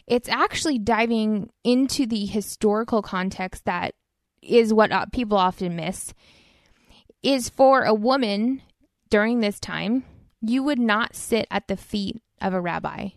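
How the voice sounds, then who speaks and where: A woman's voice: medium pitch, no room sound, clean studio sound. A woman co-hosting a faith podcast, explaining Bible verses in an earnest, conversational way. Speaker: podcast co-host. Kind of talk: casual faith podcast discussion.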